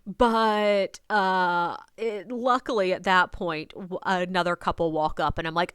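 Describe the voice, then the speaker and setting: A woman's voice: on the low side, fairly even intonation, unhurried, hardly any pauses, fairly bright tone, smooth, dry recording, studio quality. A woman, a ghost tour guide, telling a personal story in a casual, wry way and acting out her own replies. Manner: conversational, wry, quotes herself.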